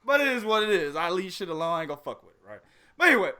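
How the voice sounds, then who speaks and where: A man hosting a podcast in casual chat, animated and laughing often as he trash-talks in a profane way. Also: high-pitched, very fast, clean tone. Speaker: podcast host.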